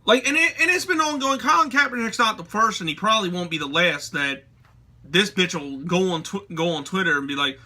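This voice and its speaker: A man's voice: high-pitched, brisk, pushed and bright. A young man ranting to camera in heated, profane, slangy commentary. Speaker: vlogger.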